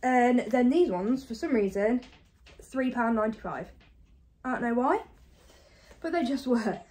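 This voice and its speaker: A woman from the UK chatting casually to camera about her thrift finds, fast and self-deprecating, a bit out of breath. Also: a little high, lively intonation, warm tone. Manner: chatty and self-deprecating, talks fast with many ums and likes. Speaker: reseller vlogger. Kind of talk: casual haul chat to camera.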